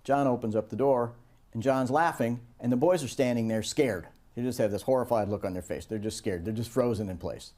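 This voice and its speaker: Man telling a lecture story, dark tone. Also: mid-range voice, a little fast. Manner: animated anecdotes. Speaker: course instructor.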